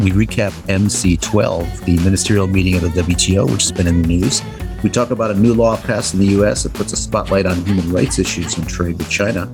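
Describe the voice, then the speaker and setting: A man co-hosting a podcast with a dry, wry sense of humor. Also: deep voice. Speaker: podcast co-host. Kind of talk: casual podcast banter.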